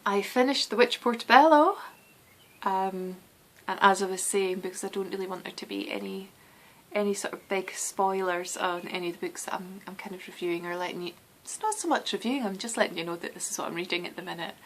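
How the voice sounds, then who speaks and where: A woman's voice: medium pitch, a little fast, a bit bright, low-quality recording. Scottish lady chatting about her knitting, wanders off mid-sentence a lot, bit of background hiss. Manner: chatty and meandering, many restarts and ums. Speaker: knitting podcast host. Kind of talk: casual chat.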